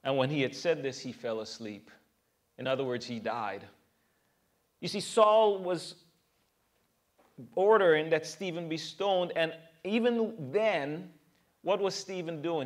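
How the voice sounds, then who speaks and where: A man preaches a verse-by-verse sermon as a pastor, with a voice pitched a little above the usual for a man. He is earnest and emphatic, working through the text and asking his listeners rhetorical questions. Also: slow pace, long pauses.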